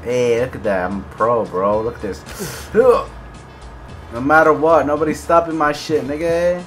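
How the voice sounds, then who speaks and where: A young man giving gameplay commentary, swearing, swinging between low mutters and raging shouts. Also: a little slow, faint music behind. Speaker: gaming video creator.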